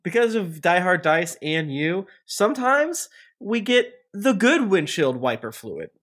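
A man's voice: sits high, big pitch swings, a bit bright. A man hosting a game podcast, rambling and joking through an ad read and the outro. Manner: joking, rambling, quick bursts. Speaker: podcast host. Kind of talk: casual podcast chat and ad read.

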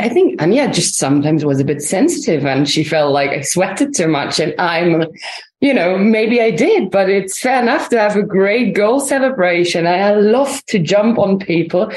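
Cheerful German-accented woman, roomy sound. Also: medium pitch. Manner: cheerful, laughing. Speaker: guest. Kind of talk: casual interview.

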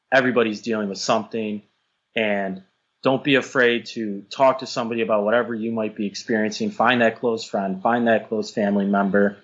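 Husky-voiced male podcast guest. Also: on the low side, dull audio. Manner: earnest, repeats words while thinking. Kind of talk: casual podcast chat.

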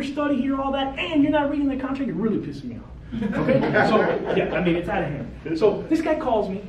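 A male lawyer giving a blunt, animated seminar talk to an audience of realtors, peppered with "okay" and "right". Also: very high voice, lo-fi sound. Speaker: real estate lawyer. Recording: roomy, distant mic with faint ambient noise.

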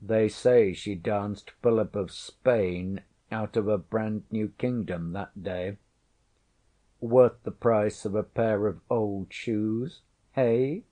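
A man's voice: on the low side, slow, dark tone. A man voicing a proud, teasing noblewoman, a disguised queen, with archaic, haughty, wry speech in a storybook reading. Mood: wry, regal. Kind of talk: audiobook character voice.

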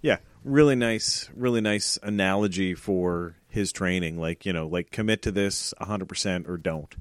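A man's voice: deep voice, normal speed, no room sound, clean studio sound. A man in his forties chatting casually as a podcast co-host, telling stories with acted-out voices and frequent laughs. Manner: animated storyteller, laughs often, acts out voices. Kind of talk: casual chat.

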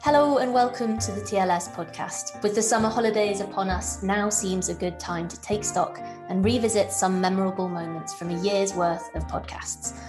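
A woman's voice: medium pitch, steady tone, normal speed, hardly any pauses. A woman hosting a literary podcast, reading a polished scripted introduction. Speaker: podcast host. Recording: voice over background music.

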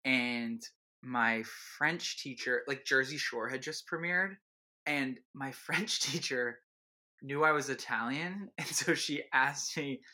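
A young woman chatting as a podcast guest, telling stories in an animated, self-mocking way. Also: a bass voice, takes it slowly. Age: young adult. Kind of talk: casual chat.

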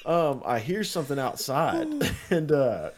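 A man's voice: mid-range voice, big pitch swings, a little slow, heavy background noise. A man co-hosting a podcast, telling a story in casual, profane chat and laughing through it. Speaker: podcast co-host.

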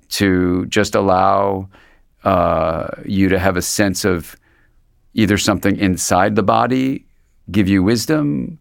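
A man's voice: deep voice, gravelly, smooth, no room sound, studio quality. A man, a psychiatrist being interviewed, talking in a thoughtful, meandering way with frequent restarts. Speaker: psychiatrist and guest. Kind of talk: reflective conversational interview.

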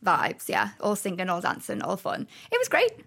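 A woman in her thirties with a Liverpool accent, a talk show guest telling stories in a lively way, laughing often and acting out what people said. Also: medium pitch, moderate pace, gravelly. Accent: Liverpool (Scouse). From Liverpool, England. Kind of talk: casual storytelling chat.

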